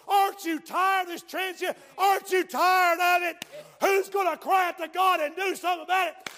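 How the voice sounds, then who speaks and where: In an extremely high voice, an older man preaches an impassioned revival sermon and prayer. He swings between hushed tones and shouting, and his voice breaks with emotion.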